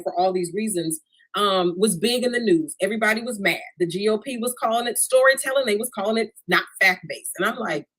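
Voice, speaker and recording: A woman comedian performs stand-up from home over a video call. Her delivery is animated and direct, addressing the crowd casually, at an average pitch. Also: low-quality recording. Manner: animated, talks straight to the crowd with "y'all". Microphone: remote video call.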